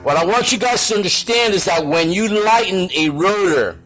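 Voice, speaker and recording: A man's voice: high-pitched, animated, normal speed, a bit bright, soft background music, low-quality recording. A man working as a shop machinist gives an angry, blunt and profane demonstration to camera in his machine shop.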